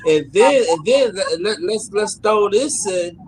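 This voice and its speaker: A man from New York, with the accent to match, holds forth in a casual podcast panel. His voice sits unusually high for a man, and faint noise hangs behind it. He talks with force, stumbling over and repeating his words as he builds his point. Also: lively intonation, unhurried, rough recording. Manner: emphatic, stammers and repeats words.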